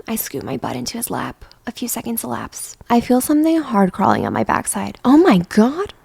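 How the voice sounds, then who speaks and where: A woman's voice: mid-range voice, creaky, darkish tone, no room sound. A young woman YouTuber reading passages from a memoir aloud and commenting candidly between them. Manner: candid, swears casually.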